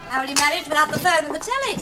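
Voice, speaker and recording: A sardonic older aunt. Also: female voice, sits high, animated, rapid-fire. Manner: dry and sardonic. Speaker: visiting aunt. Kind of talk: 1970s British sitcom acting. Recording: studio audience laughter behind.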